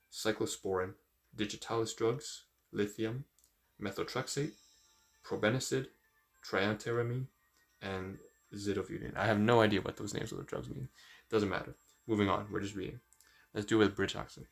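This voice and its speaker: A man with a very low, gravelly voice chats on a casual live stream. He reads aloud haltingly, tripping over long words, and fills his pauses with ums and uhs as he thinks aloud. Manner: thinks aloud with frequent fillers. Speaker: livestreamer.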